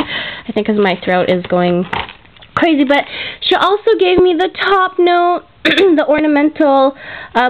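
Gushing, fillers-heavy woman on lo-fi video. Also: high voice. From Canada. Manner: gushing, grateful, chatty with many fillers. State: emotional, near tears. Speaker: craft vlogger. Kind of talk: casual unboxing vlog. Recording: dull lo-fi home video audio.

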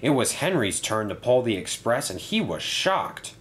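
A man narrating a storybook tale in an expressive manner. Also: lowish voice, normal speed, hardly any pauses.

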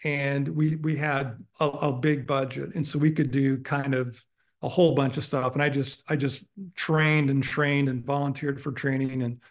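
A man's voice: mid-range voice, little pitch movement, normal speed. A man in his sixties giving a guest lecture, telling long self-deprecating stories with many fillers. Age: 60s. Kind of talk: anecdotal lecture storytelling. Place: university lecture room.

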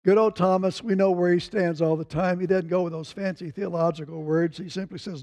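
A man's voice: high-pitched, steady tone, fairly quick, few pauses, a little mellow. A man preaching a Sunday sermon, reading scripture aloud and lifting his voice when he quotes the speakers. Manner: reads scripture aloud, quoting voices with rising emphasis. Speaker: pastor.

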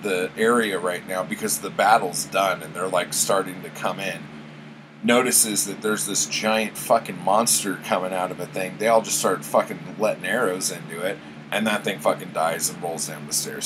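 A man recaps a book in a loose, rambling way, swearing often and leaning on fillers. His voice is fairly low and his pace slow and unhurried. An air conditioner hums steadily in the room. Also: noisy background. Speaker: book vlogger. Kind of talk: casual spoken book recap.

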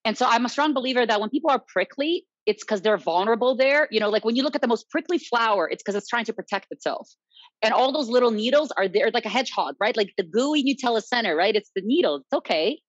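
Female guest, salsa instructor, animated storyteller; muffled, dry sound. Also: fairly high pitch, fast, no room sound. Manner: animated, quotes others, tag questions "right?". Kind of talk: casual storytelling chat. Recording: dull lo-fi dry recording.

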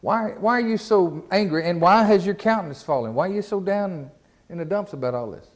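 A man's voice: high voice, a little fast. A man preaching a sermon in a folksy, casual way, often repeating words and asking the congregation questions. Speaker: pastor. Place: church.

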